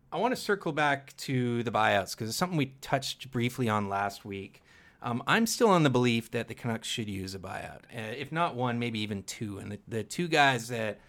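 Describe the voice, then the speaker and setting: Relaxed man co-hosting a podcast. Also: mid-range voice. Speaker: podcast co-host. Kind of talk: casual sports chat.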